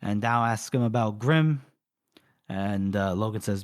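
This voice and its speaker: A man's voice: on the low side, measured pace, clear, resonant tone. A man co-hosting a podcast, casually retelling a book's plot with many fillers and briefly acting out the characters' lines. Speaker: podcast co-host. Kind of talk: casual book recap.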